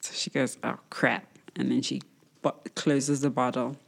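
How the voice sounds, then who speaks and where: A woman's voice: extremely low pitch, little pitch movement, normal speed, gravelly, a little mellow. A woman playing a tabletop game, describing her character's actions in a wry, laid-back way. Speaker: player. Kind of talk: casual tabletop game talk.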